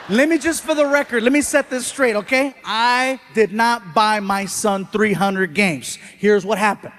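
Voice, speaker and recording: A middle-aged male stand-up comedian telling stories on a live stage into a handheld mic, animated, doing voices and crowd work. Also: high-pitched, measured pace, few pauses, a little hiss or hum. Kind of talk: stand-up storytelling.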